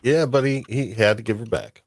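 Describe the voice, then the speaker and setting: A man chatting casually about films as co-host, relaxed and laughing along. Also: medium pitch, moderate pace. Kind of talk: casual film chat.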